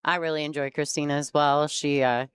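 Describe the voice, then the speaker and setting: A woman's voice: low voice, fairly even intonation, fairly quick, smooth, no room sound. A woman commentating a pool match in a chatty way, laughing easily and explaining the play. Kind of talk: sports commentary.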